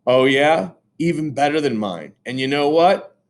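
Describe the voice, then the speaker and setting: Guy doing a cocky kid, breezy and teasing, kinda high. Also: animated, measured pace. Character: cocky, cool fourth-grade boy.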